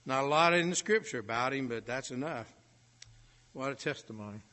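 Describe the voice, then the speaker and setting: A male preacher telling a folksy story in his sermon, with animated swells in volume. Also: mid-range voice, fairly quick. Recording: long hall reverb.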